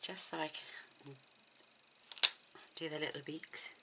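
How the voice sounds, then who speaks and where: A woman hosting a card-making tutorial, talking softly and admiringly as she works, often dropping to a near whisper. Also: sits low, fairly even intonation, slow pace, very noisy. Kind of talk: relaxed craft tutorial narration.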